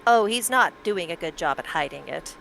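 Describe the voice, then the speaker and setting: A woman's voice: lowish voice, expressive, moderate pace, creaky, fairly bright tone, slight background noise, low-quality recording. A woman acting as game master, narrating a tabletop game in a chatty way with plenty of fillers.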